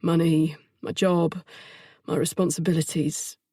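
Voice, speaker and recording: A woman's voice: deep voice, level tone, breathy edge, dry recording, clean studio sound. A woman voicing a remorseful, weary young man. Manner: soft, halting, confessional.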